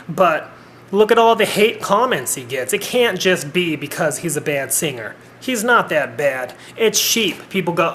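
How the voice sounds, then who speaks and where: Someone in their thirties vlogs straight to a home camera, rambling earnestly and swearing bluntly in a personal monologue. The voice is mid-range and fairly bright, with slight background noise.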